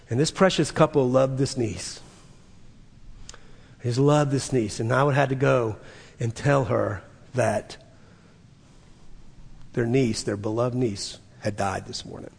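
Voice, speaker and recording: Gravelly-voiced male pastor preaching in a hall. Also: medium pitch. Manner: earnest, drops to soft whispers and builds to emphatic peaks. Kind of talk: sermon.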